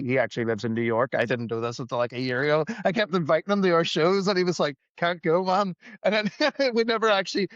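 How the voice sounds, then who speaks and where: A man's voice: medium pitch, fairly bright tone, no echo. A man talks as a podcast guest, rambling through his stories with self-deprecating humor and acting out the lines of people he quotes. His recording sounds dry and a little dull, with no room around it. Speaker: podcast guest, musician and gig promoter. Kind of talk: casual storytelling.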